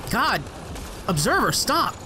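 High, lively young man gaming. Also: slow pace, a little hiss or hum. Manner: excitable and sarcastic, swears, talks to the game. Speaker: let's play gamer. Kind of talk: gameplay commentary.

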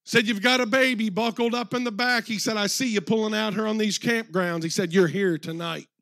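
A preacher tells a story from the pulpit in a high voice. The sound is dry and close. He quotes the people in his story at length, slowing down and rising in force on the key words. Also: steady tone, a bit bright, no echo. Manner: retells a story with many quotes, slows and swells for emphasis. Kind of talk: sermon storytelling. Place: church.

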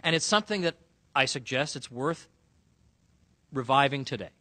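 A man giving a lively, sarcastic public speech to a room of officials, punching key words with emphasis. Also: medium pitch, moderate pace, no room sound. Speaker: speaker addressing sheriffs. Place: conference room.

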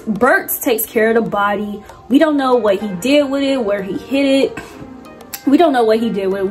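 Animated young woman recapping a movie. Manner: animated and slangy, with lively swoops in pitch. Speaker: movie reviewer. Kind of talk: casual movie plot recap.

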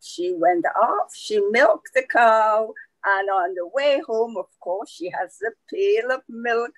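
A woman telling a folk tale aloud in a slow, conversational way, with asides to her listeners. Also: a little high, expressive, no room sound, rough recording. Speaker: storyteller. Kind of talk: oral folk storytelling.

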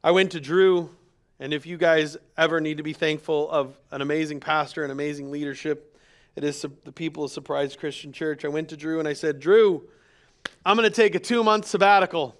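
A man's voice: on the high side, fairly even intonation, a little fast. A man, a pastor, speaking candidly to his congregation in a sermon, telling a personal story with quoted dialogue. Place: church sanctuary.

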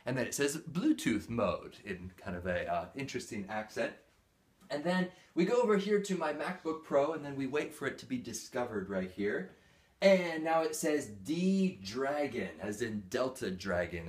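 A man's voice: medium pitch, very animated, moderate pace. A man hosting a casual product review demo, chatty and playful with mock-formal jokes. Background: music from the speaker.

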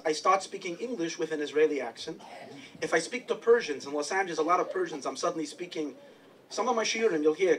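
A high-voiced man from New York tells a Hasidic story in a chatty, humorous lecture. He sounds set back from the microphone in a lecture hall, with faint noise underneath. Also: far from the mic. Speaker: rabbi and lecturer.

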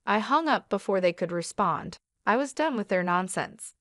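A woman narrating a first-person story calmly and firmly. Her voice sits at a middle pitch for a woman. The recording is dry and close. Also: normal speed, few pauses, no room sound. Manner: calm, firm.

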